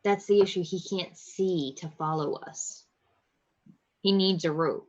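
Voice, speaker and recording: Low-voiced woman player on a dull mic. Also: unhurried. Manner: excitable, swears freely. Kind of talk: casual tabletop play.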